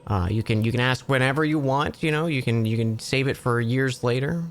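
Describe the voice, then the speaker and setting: A man's voice: mid-range voice, a little fast, lightly acted. A man voicing a male genie who grants wishes, speaking in an offhand, casual way in a streamed joke. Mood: breezy.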